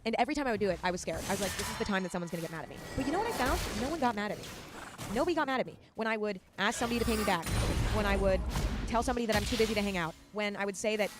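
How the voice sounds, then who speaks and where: A woman hosting a podcast, giving casual advice in a fast, emphatic and chatty way. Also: mid-range voice, expressive. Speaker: podcast host. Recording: loud music under the voice. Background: loud music.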